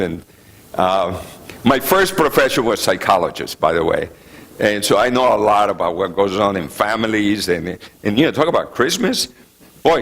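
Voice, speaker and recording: A man giving a public lecture to a community group, chatty and animated, often tossing out rhetorical questions. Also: mid-range voice, rough recording. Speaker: guest speaker. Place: community meeting room.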